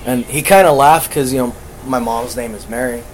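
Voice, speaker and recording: A man co-hosts a podcast, laid-back as he chats casually and tells stories, swearing a lot and laughing through them. His voice is mid-range at a moderate pace, on poor audio with slight background noise.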